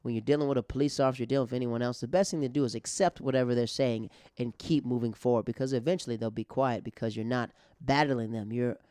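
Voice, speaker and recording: A man's voice: mid-range voice, fairly even intonation, fast talker, hardly any pauses, dark tone, clear, resonant tone, no room sound, clean studio sound. A male comedian and podcast host telling a casual, rambling story with many restarts and fillers.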